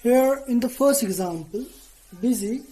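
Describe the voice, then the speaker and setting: A female teacher gives her students a lesson, talking slowly and carefully, spelling out letters and frequently pausing to ask "okay". Her voice is fairly high and mellow, though the audio quality is poor.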